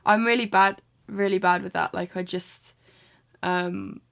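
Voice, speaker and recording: A woman who grew up partly in New Zealand, speaking with an English accent that keeps faint traces of a Kiwi twang, chatting casually as a podcast co-host with quick replies. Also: lowish voice, steady tone, gravelly, a bit bright. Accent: English, with faded traces of a Kiwi twang. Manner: quick back-channel replies, laughs easily. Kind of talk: casual chat.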